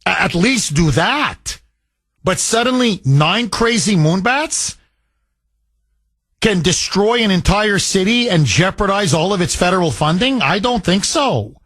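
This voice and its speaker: A man's voice: sits high, expressive, unhurried, fairly bright tone, no room sound. A male radio talk show host, arguing his point with passion and acting out imagined conversations on a call-in show. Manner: impassioned, argumentative, acts out imagined dialogues.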